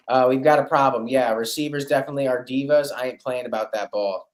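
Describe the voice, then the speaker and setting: Excitable man talking sports, roomy sound. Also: mid-range voice, quick pace, hardly any pauses. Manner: excitable, swearing, teasing. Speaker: podcast host. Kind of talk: casual sports chat.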